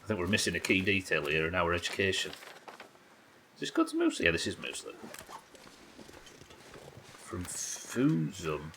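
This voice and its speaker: A man's voice: deep voice, huge pitch swings, fast talker, pushed and bright, a little hiss or hum, low-quality recording. A man from the United Kingdom chatting and joking casually while streaming a survival game, swearing now and then. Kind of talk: casual gameplay commentary.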